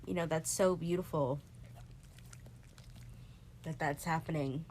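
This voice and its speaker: A woman in her twenties on a podcast, talking in a casual, emotional way, tearful and laughing through it, her voice jumping high when she quotes herself. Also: steady tone, takes it slowly, a little mellow, a little hiss or hum. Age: 20s. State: crying at times. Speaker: podcast co-host. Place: bedroom, on a bed.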